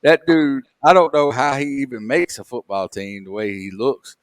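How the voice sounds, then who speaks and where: A man's voice: mid-range voice, lively intonation, normal speed, no room sound, clean studio sound. A man co-hosting a casual sports chat, ranting and salty. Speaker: co-host.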